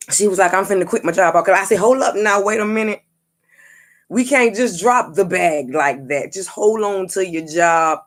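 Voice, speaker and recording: Profane, animated storytelling woman. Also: mid-range voice, normal speed. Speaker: psychic reader and vlogger. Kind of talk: casual storytelling vlog.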